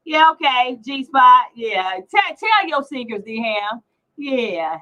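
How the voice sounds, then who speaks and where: A woman's voice: high-pitched, very animated, takes it slowly, bright, forceful tone, muffled recording. A middle-aged woman hosting a casual livestream chat, teasing and brash as she reads out comments. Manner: brash, teasing, salty language. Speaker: livestream host.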